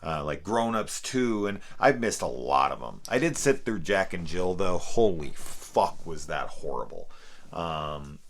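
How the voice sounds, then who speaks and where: A man's voice: low voice, animated, measured pace, vocal fry. A man reviewing a film in a casual, profane, exasperated rant. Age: adult parent. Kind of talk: casual spoken movie review.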